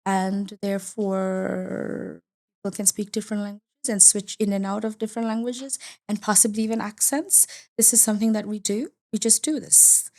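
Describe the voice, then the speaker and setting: A woman from India, a podcast guest, speaks in a mid-range voice. She makes her points emphatically, laughs easily and rephrases herself mid-sentence. Her delivery is lively and conversational. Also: medium pitch, moderate pace.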